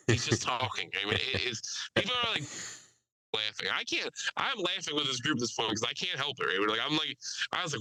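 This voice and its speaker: Podcast host, man, bright forceful voice, dry close sound, crude animated storytelling. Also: mid-range voice, fairly quick, no echo, rough recording. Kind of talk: casual storytelling chat.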